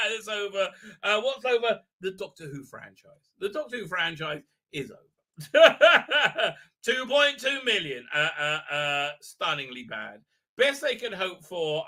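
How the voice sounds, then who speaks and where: Bright-voiced rambling live-stream host man. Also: a little high. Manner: rambling, many filler ums and uhs, sardonic. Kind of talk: casual live review chat.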